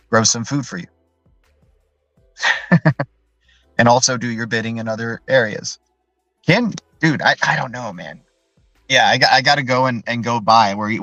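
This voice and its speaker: A man's voice: mid-range voice, a bit bright, dry recording, dull audio. A man hosting a live stream in a loose, rambling way, tagging his points with "right?" and answering viewer chat as he goes. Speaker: livestream host.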